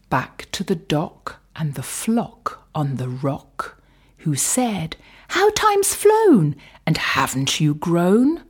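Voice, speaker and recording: A woman reading a rhyming picture book aloud, lilting and slipping into soft whispers. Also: low voice, breathy edge. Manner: slow, lilting, drops to whispers. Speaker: storyteller.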